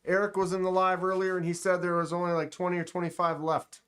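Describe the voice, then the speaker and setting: A man hosting a casual live stream, joking around and talking straight to his chat with quick exclamations. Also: sits high, level tone, a bit bright, clean tone. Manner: playful, joking, talks to chat directly; exclaims short interjections. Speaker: livestream host.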